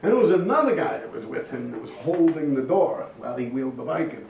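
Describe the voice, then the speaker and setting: A man telling his own street crime stories to camera, animated and profane, full of slang and fillers. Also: medium pitch, fast, vocal fry, a little hiss or hum. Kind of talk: casual street storytelling to camera. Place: at home by a window. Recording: roomy, distant, dull sound.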